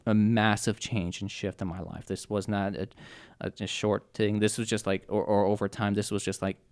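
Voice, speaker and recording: A young man telling his personal testimony as a podcast guest, earnest and halting, with many restarts and fillers. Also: fairly low pitch, little pitch movement, clean tone.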